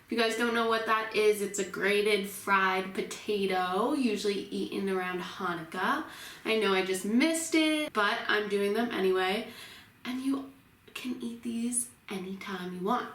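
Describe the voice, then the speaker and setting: A woman's voice: medium pitch, unhurried, fairly bright tone, roomy sound, recorded from a distance. A woman hosting her own cooking vlog, chatting casually and unsure of herself as she cooks in a home kitchen. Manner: chatty, unsure, self-deprecating while working. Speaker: cooking vlogger.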